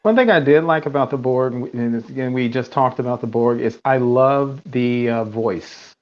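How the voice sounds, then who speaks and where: A man co-hosting a casual fan podcast, talking with animated enthusiasm and laughing often. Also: mid-range voice, normal speed. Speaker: podcast co-host. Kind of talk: casual chat. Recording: dull lo-fi sound.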